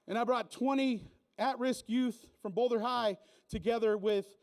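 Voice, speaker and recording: A man's voice: very high voice, steady tone, unhurried. A man working a live event crowd as emcee, teasing the audience in a playful, joking way on a stage mic. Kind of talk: live comedic emcee set.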